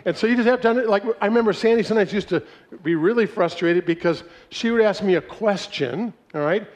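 A middle-aged man giving a folksy, animated sermon-style talk, telling stories and laughing often. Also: high voice, fast. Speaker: speaker on marriage. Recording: dull lo-fi recording.

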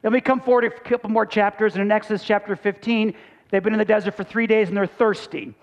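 Male pastor, very high voice, chatty sermon delivery with rhetorical questions, muffled lo-fi sound. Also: fairly even intonation, quick pace. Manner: conversational preaching with rhetorical questions.

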